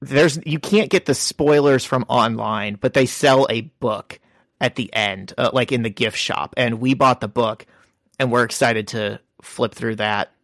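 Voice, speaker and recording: Man, podcast co-host, casual storyteller, mid pitch, dry close sound. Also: a little slow, fairly bright tone, no room sound. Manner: chatty storyteller, acts out quotes. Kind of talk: casual chat.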